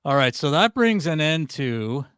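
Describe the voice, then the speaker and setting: A man hosting a comedy podcast, relaxed and easily amused as he leads the segments. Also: on the high side, unhurried, clean tone, no echo, clean studio sound. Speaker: podcast host. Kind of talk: casual podcast chat.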